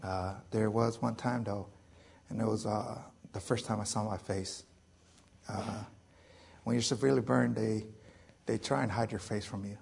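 A man in his thirties, a military veteran, telling his personal story in a public lecture, halting, with many fillers, restarts and joking asides. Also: fairly low pitch, fairly even intonation, gravelly, darkish tone, breathy edge.

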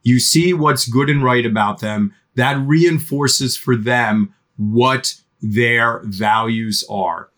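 A middle-aged man, a guest expert on teen parenting, speaking in a podcast interview with an animated manner. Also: medium pitch, takes it slowly, hardly any pauses.

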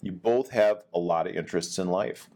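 A man with a very low voice hosts a casual podcast interview. He runs a rapid-fire question round with an upbeat, teasing manner. Every question carries a little joke. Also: darkish tone. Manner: upbeat, joking quizmaster. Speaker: podcast host, command chief.

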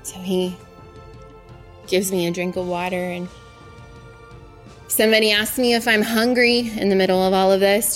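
A woman's voice: medium pitch, steady tone, normal speed, pauses often. A woman, a former aid worker, telling her own story in vivid first person and mostly in the present tense. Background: faint music.

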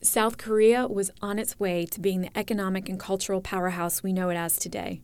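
Woman, documentary narrator, scripted, measured delivery, mid pitch, dry close sound. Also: steady tone, a little mellow, no room sound. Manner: clear, measured, explanatory.

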